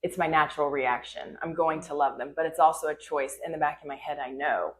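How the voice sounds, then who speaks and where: A woman with a notably low voice talks as a guest foster mother, measured and earnest. She weighs her words carefully, pausing with soft fillers as she explains how she handles loss. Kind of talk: casual interview conversation.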